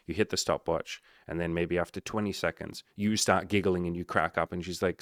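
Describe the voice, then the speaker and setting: Man, low voice, casual swearing coach talk, dry close sound. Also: flat delivery, fast talker, hardly any pauses, no echo. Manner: blunt, swears often, acts out dialogue. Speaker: dating coach. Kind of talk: casual advice monologue.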